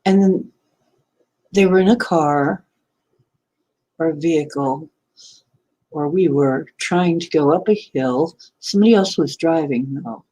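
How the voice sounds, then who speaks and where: A woman's voice: low-pitched, a little slow, pauses often, warm tone. A woman casually recounting a dream and a night phone call, rambling and correcting herself, often laughing. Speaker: channel host. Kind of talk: casual storytelling to camera.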